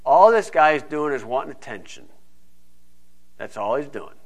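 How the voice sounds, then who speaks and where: A man's voice: medium pitch, very animated, unhurried. A man preaching a folksy, digressive sermon, teaching verse by verse.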